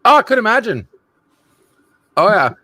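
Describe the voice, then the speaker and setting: Man with a lively, bouncing voice in chat. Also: sits high, moderate pace. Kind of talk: casual chat.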